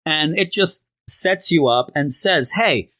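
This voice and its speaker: A man casually reviewing an old comic book, rambling and retelling the story with animated asides. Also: on the high side, slow pace.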